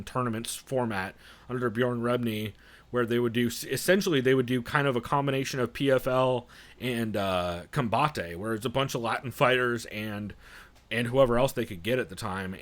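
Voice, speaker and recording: Guy hosting a fight podcast, rambly and blunt, swears a lot, middle pitch. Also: moderate pace. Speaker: podcast co-host. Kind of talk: casual podcast chat.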